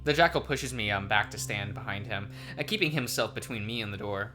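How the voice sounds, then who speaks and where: A man's voice: on the low side, brisk, music in the background. A man hosting a let's play, reading a visual novel aloud in a hesitant way with many ums and uhs.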